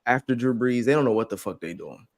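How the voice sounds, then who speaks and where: A man's voice: mid-range voice, animated, fast. A man co-hosting a casual sports talk show, cursing freely and laughing through banter about the draft. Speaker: sports podcast co-host.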